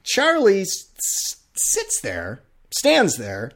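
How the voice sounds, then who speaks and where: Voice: medium pitch, very slow. A podcast host chatting casually, swearing freely and telling stories with energy. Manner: loose, swears casually, animated storytelling. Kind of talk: casual chat.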